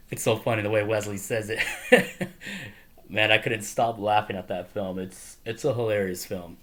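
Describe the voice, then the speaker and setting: A man's voice: fairly low pitch, fairly even intonation, measured pace, a bit bright. Rambling man chatting about a movie. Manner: rambling, filler-heavy, laughs often. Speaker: movie reviewer. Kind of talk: casual movie review monologue.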